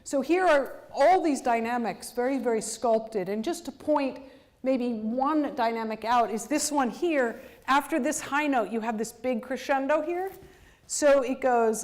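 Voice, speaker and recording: Woman, higher register, composer-lecturer; animated, exacting, vocalizes rhythms as syllables. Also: a little slow. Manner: sings rhythms out in syllables to illustrate music; animated, detail-focused explanation. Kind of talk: university lecture.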